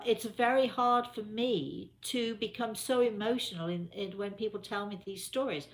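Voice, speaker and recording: Gravelly-voiced older woman giving gentle advice. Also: medium pitch. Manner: chatty, repetitive, gently advising. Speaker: spiritual medium answering viewer questions. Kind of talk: casual live Q&A chat.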